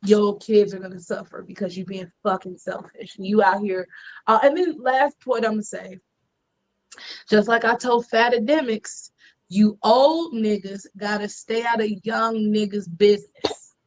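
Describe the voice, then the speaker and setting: A woman's voice: mid-range voice, fairly even intonation, measured pace, low-quality recording. A woman co-hosting a casual gossip podcast, blunt and profane as she rants. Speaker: podcast co-host.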